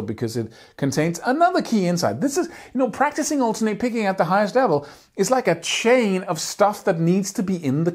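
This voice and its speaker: A man's voice: on the high side, a little mellow. A man teaching guitar picking in a video lesson, talking energetically and emphatically and singing out rhythms with syllables.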